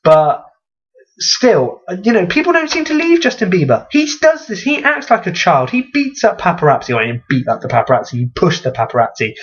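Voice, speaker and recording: A man's voice: a little fast, husky, lo-fi sound. Sarcastic young man ranting. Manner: sarcastic, swears freely, animated pitch jumps. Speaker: vlogger. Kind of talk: ranting comedic vlog.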